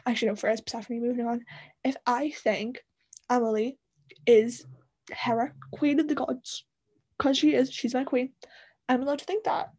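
A woman's voice: on the high side, darkish tone, husky. A young woman with a Northern English accent hosting a solo book-club podcast, gushing and rambling with lots of fillers. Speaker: podcast host.

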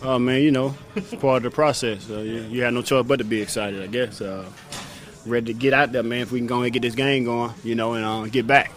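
A man's voice: mid-range voice, steady tone, quick pace. A man in his thirties, a pro football player giving laid-back interview answers and often saying "man" and "you know what I'm saying".

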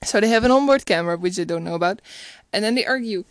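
A woman's voice: mid-range voice, fast talker, clear, resonant tone, no echo. Chatty woman musing about a film. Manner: chatty and reflective, laughs often, many restarts. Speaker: film reviewer. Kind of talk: casual spoken movie commentary.

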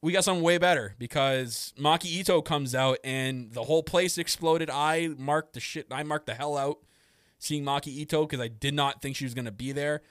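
A man hosting a casual podcast, talking in a rambling, excited way and often laughing. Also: a little high, normal speed, smooth, dry recording, clean studio sound. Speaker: podcast host. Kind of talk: casual wrestling podcast chat.

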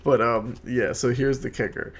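Young man, podcast co-host, gravelly creaky voice, casual banter, jokey. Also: medium pitch, fairly even intonation, normal speed, noisy background. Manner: joking, laughs often, swears casually. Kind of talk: casual chat.

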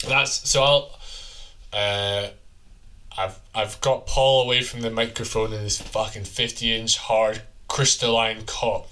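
A man's voice: on the low side, flat delivery, slow pace, sharp tone. A man in improvised comedy chat, talking in a loose, crude, stumbling way.

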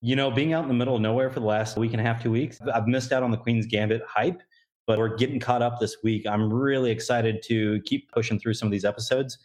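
A man chatting casually on a podcast in a relaxed, conversational way. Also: medium pitch, fast.

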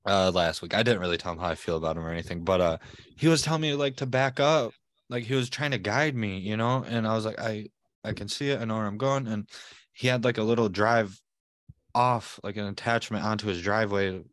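A low-pitched man chats casually on a podcast, spinning an animated story full of swearing and laughter. His voice sits close and dry, with no room sound around it. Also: fairly quick, no room sound. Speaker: podcast co-host. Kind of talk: casual chat.

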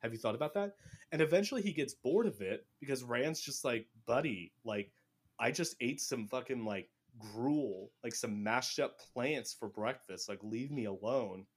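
A man's voice: mid-range voice, moderate pace, slightly rough. A man hosting a casual book podcast, recapping chapters and acting out the characters' lines. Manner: animated, acts out characters' lines. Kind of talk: casual chat.

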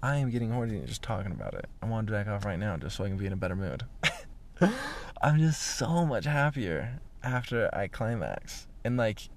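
This young man's voice sits on the low side, with a sing-song lilt, vocal fry, and normal pacing. Recording a candid vlog indoors where he's staying, he rambles bluntly, curses freely, and now and then lowers his voice to a whisper.

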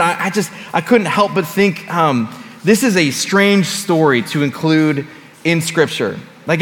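A man's voice: sits high, a bit bright. Casual preacher man in a reverberant hall. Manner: conversational, with casual asides and repeated phrases. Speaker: pastor. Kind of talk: sermon. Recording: long reverb of a large hall.

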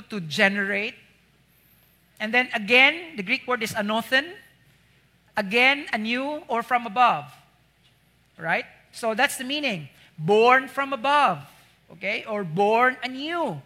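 A Filipino man preaching, with a strikingly high voice and a very bright, forceful edge. He explains terms step by step, keeps checking in with questions, and pushes up hard when he stresses a point. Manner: teaching, asks the congregation questions and repeats key words; rises sharply in pitch and loudness on emphatic points. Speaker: pastor. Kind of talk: sermon.

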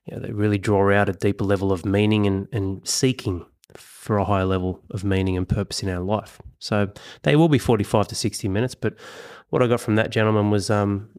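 A man's voice: lowish voice, fairly even intonation, a little fast, few pauses, a little mellow. A man hosting a motivational podcast, talking bluntly and swearing for emphasis. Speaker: podcast host. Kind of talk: motivational monologue.

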